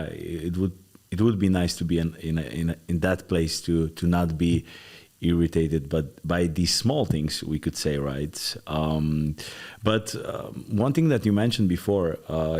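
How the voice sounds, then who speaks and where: A man hosting a podcast, asking casual interview questions in a halting way as he searches for his words. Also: sits low, a little mellow. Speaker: podcast host.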